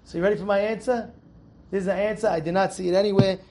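A young adult rabbi giving an animated, emphatic Torah lesson to young students, telling a story and repeating phrases for stress. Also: male voice, high-pitched, quick pace, slight background noise. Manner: emphatic, repeats phrases, shouts in acted quotes.

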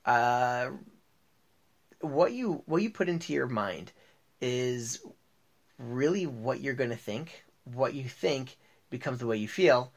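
A man's voice: mid-range voice, animated, slow pace, pauses often. A man hosting a motivational podcast, talking in an upbeat, chatty way with a few fillers and restarts. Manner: upbeat, reads ads and tells jokes with restarts and fillers. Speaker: podcast host.

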